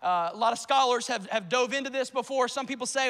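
Male pastor, lively conversational preacher who talks straight to the pews; high, bright voice with hall echo. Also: brisk, few pauses. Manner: conversational, repeats words, calls to the congregation. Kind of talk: sermon. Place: church sanctuary.

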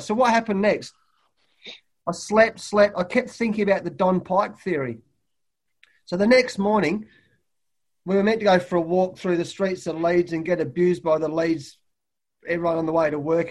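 A middle-aged Australian man, a head coach and guest, telling lively stories and acting out what people said. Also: sits high, moderate pace. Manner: lively anecdotes, acting out quotes loudly. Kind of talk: animated storytelling in a podcast interview. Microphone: remote call.

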